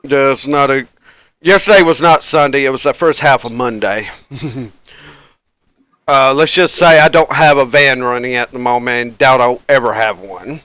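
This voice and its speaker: Bright, clear-voiced male game master. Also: medium pitch, moderate pace, dry recording. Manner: rambling, chuckles often, many fillers. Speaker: game master and stream host. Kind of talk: casual chat to a live stream audience.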